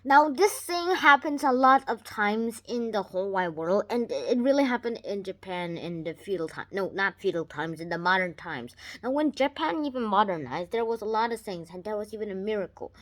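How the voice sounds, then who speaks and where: Child, video report, eager and rambling, many restarts, bouncy pitch, mid-pitched voice. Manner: lively jumps in pitch and loudness. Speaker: video reviewer. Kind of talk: casual spoken video report.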